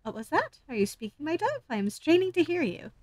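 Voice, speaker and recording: A woman's voice: sits high, huge pitch swings, a little fast, no echo, voice pushed up. A woman voicing a flamboyant male bard in a game, grand and theatrical. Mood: theatrical teasing.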